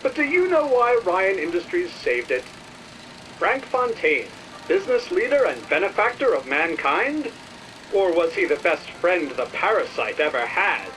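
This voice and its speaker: Slick old radio announcer, high and bouncy, music playing under him. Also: male voice, very animated, unhurried, fairly bright tone, far from the mic, a little hiss or hum, exaggerated voice, rough recording. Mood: insinuating. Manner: insinuating rhetorical questions. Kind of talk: old-time radio broadcast.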